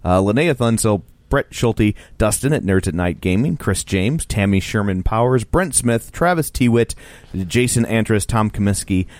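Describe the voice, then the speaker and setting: Male podcast co-host, animated pitch, joking, plugs, dry close sound. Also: moderate pace, no room sound. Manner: jokey, reads listener names and plugs. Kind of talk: casual podcast chat.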